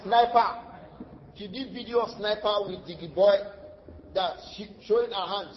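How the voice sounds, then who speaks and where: High-pitched Nigerian preacher, animated. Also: male voice, moderate pace. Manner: animated, acts out dialogue, laughs often. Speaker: Islamic lecturer. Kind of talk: lively sermon with storytelling. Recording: dull lo-fi lecture recording.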